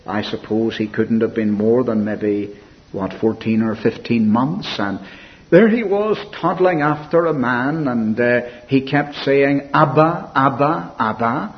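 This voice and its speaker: A man preaching a sermon in an earnest, reflective way, softening and slowing when he quotes scripture. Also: medium pitch. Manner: earnest, reflective preaching with soft, slowed quotations. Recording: dull lo-fi recording with faint hiss.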